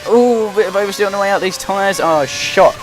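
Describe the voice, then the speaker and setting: Young man, racing game play-by-play, fairly high voice, excitable, loud game music behind. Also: fairly quick. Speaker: gaming commentator. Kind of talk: live racing game commentary. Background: game music and engine noise.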